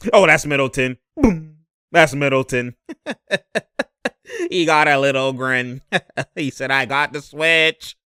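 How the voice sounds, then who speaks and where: A young man reacting to basketball footage, talking fast and loose with slang, laughing often and imitating the players. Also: mid-range voice, expressive, a bit bright, clean tone, no room sound, clean studio sound. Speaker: sports commentator reacting to game footage. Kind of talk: excited play-by-play reaction commentary.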